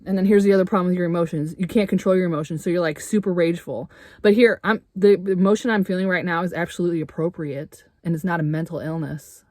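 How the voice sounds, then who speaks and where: A middle-aged woman vlogging a heated, swearing rant with sarcastic rhetorical questions, getting loud at times. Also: fairly low pitch, steady tone, quick pace, dry recording, clean studio sound. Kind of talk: angry personal rant to camera. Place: RV interior.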